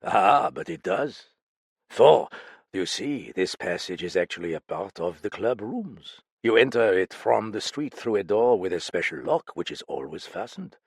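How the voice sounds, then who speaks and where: A man reading an audiobook, voicing a police official who questions in a measured, pressing way. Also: sits low, big pitch swings, breathy edge, no echo, studio quality, exaggerated voice. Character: sharp, probing male police official.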